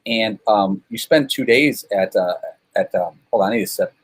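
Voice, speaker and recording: A man from Chicago speaks as a guest, his voice husky and sitting a little low. He tells long, rambling stories with a self-deprecating streak. He leans on plenty of fillers as he goes. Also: moderate pace, low-quality recording. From Chicago, USA. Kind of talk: casual storytelling over a call.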